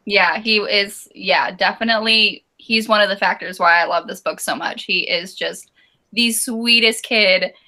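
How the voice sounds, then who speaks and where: A woman's voice: medium pitch, fairly even intonation, a little slow, pushed and bright. A woman co-hosting a casual book discussion, chatty and giggling between remarks. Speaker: book podcast co-host.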